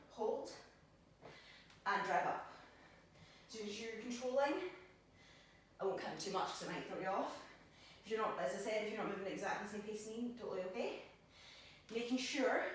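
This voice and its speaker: Demonstrating as she goes, a woman trainer encourages her gym class, calling out reps and moves while a bit winded. Her pitch is fairly high, and the far-off recording in a very echoey space carries a little hiss or hum.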